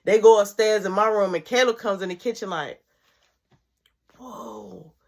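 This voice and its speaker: A woman vlogger narrating a personal story in an animated way, swinging between loud and hushed. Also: medium pitch, fast talker.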